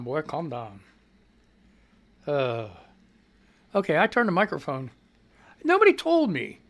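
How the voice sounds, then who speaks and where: Loud, rambling radio host man. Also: high voice. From United States. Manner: loud, rambling, swears freely. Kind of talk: casual radio chat.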